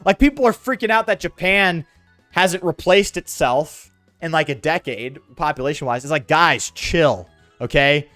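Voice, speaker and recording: A man's voice: on the high side, normal speed, fairly bright tone, dry recording, faint music behind. A young man streaming a game, rambling sarcastically with his chat in slangy, offhand talk. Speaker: gaming streamer. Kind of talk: casual let's-play commentary with chat.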